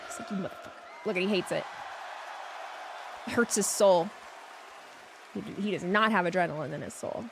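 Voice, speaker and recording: A woman streamer giving chatty, excitable commentary while watching a show live with her chat. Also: on the low side, moderate pace, creaky, pauses often, crowd noise, noisy background. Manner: chatty, excitable, reacting to the screen.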